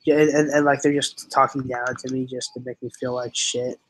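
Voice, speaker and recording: A man's voice: medium pitch, little pitch movement, brisk, a little hiss or hum, rough recording. A young man hosting a casual stream chat, often stumbling over and restarting his words. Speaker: channel host.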